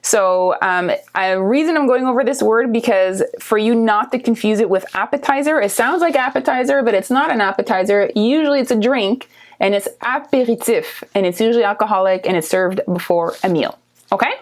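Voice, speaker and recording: A woman from Canada, teaching vocabulary and repeating each word clearly with a frequent "okay?". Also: fairly high pitch. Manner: slow, clear repetition, checking in with "okay?". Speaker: French teacher. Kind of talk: vocabulary lesson.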